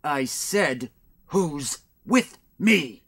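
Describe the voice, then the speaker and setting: Brief: smug vampire boss with a slightly high voice and pompous corporate bluster, played by a man, for a comedy audio drama. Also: lively intonation, drawn-out words, fairly bright tone, heavily acted. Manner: pompous pep-talk delivery, mock-sincere. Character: smug male vampire boss turned evil. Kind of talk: comic audio drama acting.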